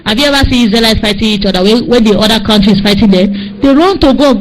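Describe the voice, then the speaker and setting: A woman with a Nigerian accent, preaching with fervor and telling a dream as testimony, pleading and rising to high cries. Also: quick pace, rough recording. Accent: Nigerian English.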